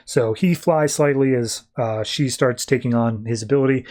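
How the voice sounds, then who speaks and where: A man hosting a podcast, casually retelling a comic book story, quoting characters in quick offhand voices and talking loosely with fillers. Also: mid-range voice, fairly even intonation, warm tone. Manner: loose, filler-heavy delivery with "like" and "uh". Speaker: podcast host.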